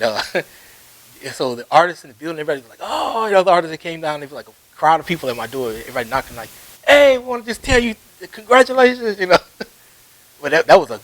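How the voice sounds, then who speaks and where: A man being interviewed, telling a long story in a casual, rambling way with many fillers and chuckles. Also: low-quality recording. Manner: rambling anecdotes with frequent fillers and laughs. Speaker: interview guest, ragtime pianist. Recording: faint hiss, low-fi video.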